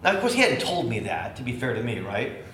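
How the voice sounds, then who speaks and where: A middle-aged man preaching as a bishop, telling a personal story in an animated way and acting out the voices. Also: mid-range voice, quick pace. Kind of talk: storytelling sermon. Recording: echoey room with faint noise.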